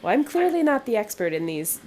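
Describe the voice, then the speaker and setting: A woman's voice: fairly high pitch, sing-song, fairly quick, darkish tone, a little hiss or hum. A woman playing a tabletop role-playing game, talking in character in a casual, offhand way.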